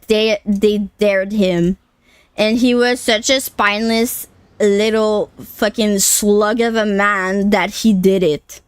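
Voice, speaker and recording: A woman in her late twenties talks to her live chat in a slow, slightly high voice. She is blunt and foul-mouthed, and her speech is full of casual fillers. The sound is dry and close, with no room echo. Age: late 20s. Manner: blunt and profane, with frequent fillers. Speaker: streamer.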